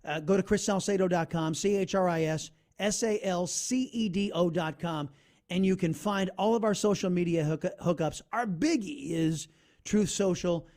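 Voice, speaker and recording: A man hosting a talk radio show, telling a story in an animated monologue. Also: high voice, normal speed. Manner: animated storytelling, narrates an ad over its soundtrack.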